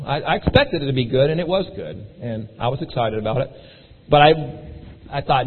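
A man telling his story to an audience in an animated way, acting out the voices of the people in it. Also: medium pitch, fairly quick, breathy edge. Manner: animated, acts out quoted voices. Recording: tinny phone-like sound in a reverberant hall.

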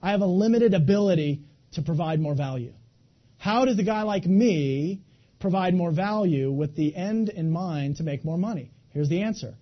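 A man in his twenties giving an animated, folksy motivational talk, speaking directly to a live audience. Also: high voice, normal speed, highs cut off. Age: 20s.

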